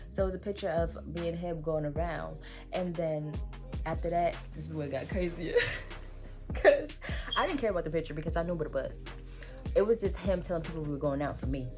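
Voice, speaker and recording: A woman in her twenties telling a storytime vlog in animated, slangy casual talk full of fillers. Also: on the low side. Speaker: vlogger.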